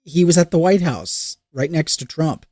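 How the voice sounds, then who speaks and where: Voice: medium pitch, expressive, normal speed, darkish tone, dry recording. Profane, exasperated podcast host, dry sound. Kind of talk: casual political chat.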